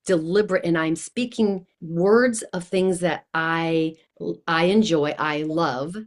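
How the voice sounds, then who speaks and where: A woman guest on an interview show, talking in an animated, enthusiastic way and acting out the voices she quotes. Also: lowish voice, slow pace. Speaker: guest, coach. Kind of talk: casual interview chat.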